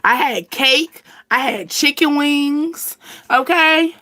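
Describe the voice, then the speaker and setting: High, bright-voiced laughing woman. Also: slow. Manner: animated, laughing often, slangy. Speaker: channel host. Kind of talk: casual chat.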